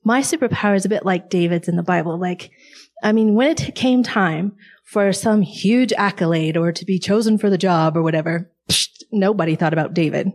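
A woman's voice: fairly low pitch, fairly quick, a little mellow. A woman speaking in an online faith group, talking in a wry, conversational storytelling way. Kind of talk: casual faith talk.

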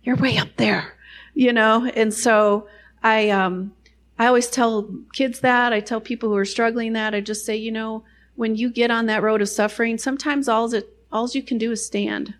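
A woman's voice: fairly high pitch, steady tone, normal speed. A middle-aged woman sharing a personal faith testimony in a chatty, self-deprecating way, full of "you know" asides.

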